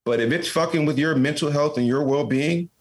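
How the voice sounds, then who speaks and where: A man's voice: fairly high pitch, brisk. A man talking earnestly and encouragingly in casual conversation, often acting out what people say. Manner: earnest, encouraging, acts out quoted voices. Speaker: podcast guest, former soldier leader. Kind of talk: candid conversation.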